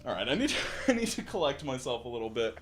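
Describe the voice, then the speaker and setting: A man's voice: medium pitch, big pitch swings, fast. A man chatting crudely and giggling on a live stream at home, a bit out of breath, with faint music behind. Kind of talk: casual live-stream chat and story reading. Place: home, near a bathroom.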